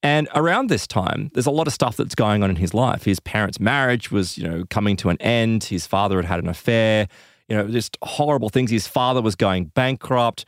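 A man's voice: lowish voice, moderate pace, no echo. Man telling a story in a dry room. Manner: animated retelling with frequent fillers and asides. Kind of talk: casual storytelling chat.

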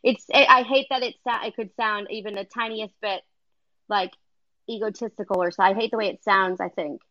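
A woman's voice: mid-range voice, fairly even intonation, brisk, pushed and bright, no room sound, highs cut off. A woman in casual conversation as a podcast guest, chatty, often laughing and swearing casually. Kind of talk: casual chat.

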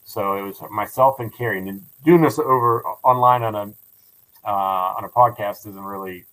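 On a rough recording, a man with a lowish voice talks at normal speed in a casual podcast interview. As the building's owner and ghost tour operator, he tells stories animatedly, with many restarts.

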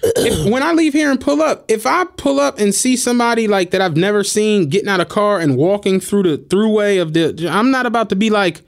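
A man's voice: high voice, a little fast, creaky. A young man, a podcast co-host, telling stories in a loose casual chat, acting out what people said and laughing often. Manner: animated, acts out quotes, laughs often.

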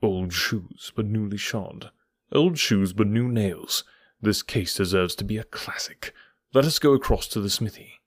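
A keen, commanding detective questions his companion in an audiobook, played by a man. He sounds eager and probing, sometimes sinking to a hushed murmur. The voice sits low and the recording is dry. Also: measured pace, no echo. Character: keen, commanding middle-aged male detective. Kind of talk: audiobook character voice.

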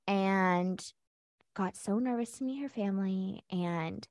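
A woman's voice: medium pitch, slow pace, a little mellow, no echo, clean studio sound. A woman guest on a podcast, candidly and heartfelt telling her own story with lots of casual fillers.

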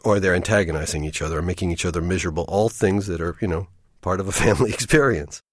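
A male TV writer reflects casually in an interview. His voice is very deep, recorded close and dry. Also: fast, no echo.

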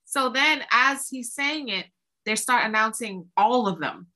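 A songwriter and producer appears as a guest on an interview, her fairly high voice unhurried as she chats casually. She's animated, acting out remembered conversations and saying "like" a lot.

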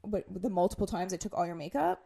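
A woman's voice: mid-range voice, animated, fast talker, vocal fry, dark tone, husky. Podcast co-host, a woman in her twenties, casual and chatty; she tells long anecdotes and puts on quoted voices. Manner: chatty storytelling, heavy use of "like"; acts out quotes in raised voices. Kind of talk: casual chat.

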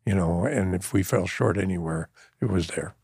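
A man's voice: low-pitched, creaky, a little mellow, husky, no room sound, studio quality. An older man, a guest on his daughter's podcast, talking in an earnest, folksy way. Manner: earnest, folksy, talks in quick bursts. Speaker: podcast guest, the host's father. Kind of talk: casual chat.

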